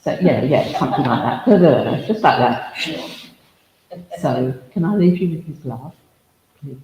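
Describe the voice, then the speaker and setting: In a mid-range, expressive and mellow voice, slightly slow, a spiritualist medium leads a chatty, humorous demonstration at a village hall service, sprinkled with anecdotes and asides. Hall reverb echoes through, along with faint noise.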